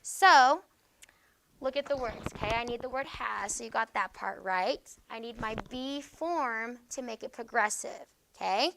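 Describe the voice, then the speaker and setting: A woman's voice: a little high, measured pace, gravelly, background noise. A woman teacher leading a classroom grammar lesson, patient and explanatory, often checking in with "okay?".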